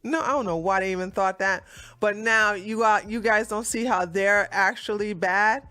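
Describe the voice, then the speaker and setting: A woman's voice: medium pitch, normal speed, pushed and bright, no echo. A woman hosting her own commentary show, talking casually in a sarcastic, mocking way and laughing often. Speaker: political commentary host.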